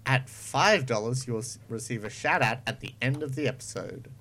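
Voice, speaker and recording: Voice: mid-range voice, a little fast, fairly bright tone. A podcast host, chatting breezily through a show's sign-off. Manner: chatty, breezy self-promotion. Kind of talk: casual podcast outro.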